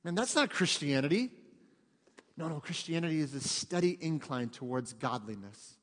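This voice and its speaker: A man with a high voice preaches a sermon in a church. He talks to the congregation in a lively, chatty way and acts out little quotes. His voice rings with long reverb from the sanctuary. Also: moderate pace. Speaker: pastor.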